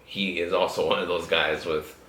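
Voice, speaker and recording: A man's voice: deep voice, level tone, moderate pace, bright, forceful tone, a little hiss or hum. A young man hosting a podcast, talking loosely with lots of swearing and laughter. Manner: laid-back, profane, frequently laughing. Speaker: podcast host. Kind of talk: casual chat. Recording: echoey room.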